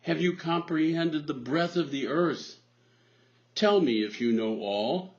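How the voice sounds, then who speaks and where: A male preacher voicing a stern, all-powerful divine voice that fires off booming rhetorical challenges, on a dull lo-fi recording. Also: slow.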